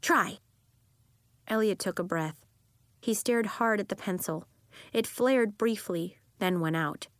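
A woman reading a children's story aloud as narrator, in an expressive, animated way. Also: medium pitch, measured pace, no room sound, studio quality.

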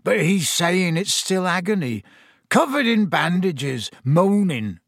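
A man voicing a huge, gruff gamekeeper who is drunk and miserable, speaking thickly and slowly. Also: high voice, big pitch swings, no echo, clean studio sound, pitched above the performer's own voice, full character voice. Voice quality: growling, thick-voiced.

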